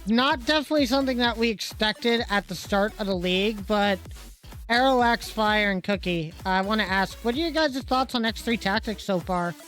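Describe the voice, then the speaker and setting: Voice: mid-range voice, moderate pace, a bit bright, faint music behind. A podcast host leading the chat and asking a guest questions, with some fillers.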